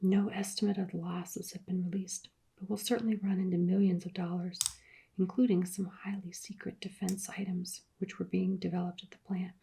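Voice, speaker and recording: A woman voicing a matter-of-fact male radio news announcer in a whispered role-play, with an even newsreader delivery. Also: lowish voice, normal speed, gravelly, breathy edge, heavily acted. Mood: sober.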